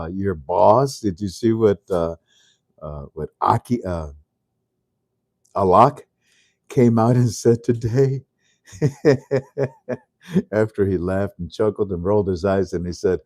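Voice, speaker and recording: Older male host, casual rambling talk, chuckles often, low mellow voice, dry close sound. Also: no room sound. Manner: rambling, chuckling, many fillers and restarts. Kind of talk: casual monologue.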